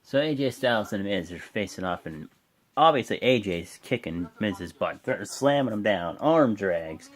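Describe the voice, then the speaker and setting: A man's voice: on the low side, normal speed. A man hosting his own reaction channel, recapping a show casually with lots of fillers and rambling asides. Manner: rambling, with many fillers and "and whatnot"; breaks into loud, excited voices when quoting. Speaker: host of a wrestling reaction channel.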